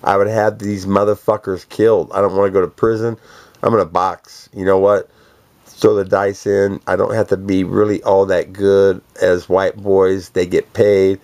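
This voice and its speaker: A man's voice: deep voice, little pitch movement, moderate pace, a little mellow. A man in a rambling, direct-address video monologue, boastful and profane, dropping streetwise slang. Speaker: vlogger addressing a celebrity.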